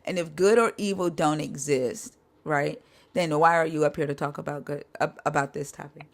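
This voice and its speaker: Stream host, middle pitch, blunt and pushy, keeps challenging the caller. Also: steady tone, normal speed. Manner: blunt, pointed, challenging questions. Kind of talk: live-stream debate.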